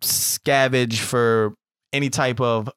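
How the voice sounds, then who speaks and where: A man chats loosely about a TV episode, in a relaxed and slangy way, doubling back on his words. His voice is smooth and resonant, and it sits mid-pitched for a man. The sound is dry and close. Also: slow pace, dry recording. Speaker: podcast co-host. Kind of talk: casual chat about a TV show.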